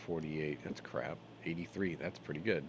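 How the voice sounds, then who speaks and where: A man's voice: a bass voice, moderate pace, background noise. A man hosting a retro game let's-play, reading the story text aloud in put-on voices and adding jokey asides. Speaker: gaming let's-play host.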